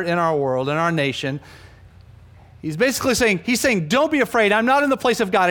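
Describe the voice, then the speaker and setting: A man preaching a sermon, animated, swinging between loud emphasis and hushed asides, often repeating words for emphasis. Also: high-pitched. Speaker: pastor.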